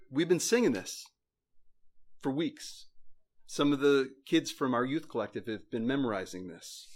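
A man preaching a sermon as pastor, reading scripture aloud slowly with heavy emphasis and earnest feeling. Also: a little high.

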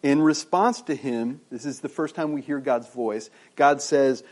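A man's voice: mid-range voice, measured pace, darkish tone. A man preaching a sermon in a conversational way, asking the listeners questions and often restarting his sentences. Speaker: pastor.

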